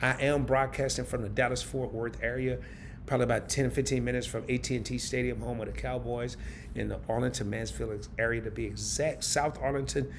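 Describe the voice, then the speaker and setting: A man, hosting a casual live stream from his home and telling a story in an animated, laughing, colloquial way. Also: medium pitch, fairly quick, slight background noise. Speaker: host of a travel and credit card channel.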